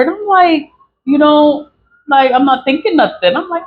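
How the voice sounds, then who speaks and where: A woman's voice: sits high, sing-song, normal speed, highs cut off. A woman selling spiritual products who chats casually to camera, rambling, repeating herself and laughing between phrases.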